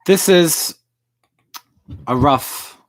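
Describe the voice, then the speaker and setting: Low-voiced angry woman ranting. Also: drawn-out words. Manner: angry, profane and emotional. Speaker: sports fan vlogger. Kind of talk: postgame rant. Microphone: home recording setup.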